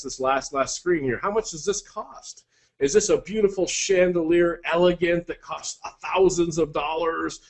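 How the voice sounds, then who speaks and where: A man presenting an online selling course, walking through sales examples in an upbeat, salesy pitch with quick asides. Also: a bit bright.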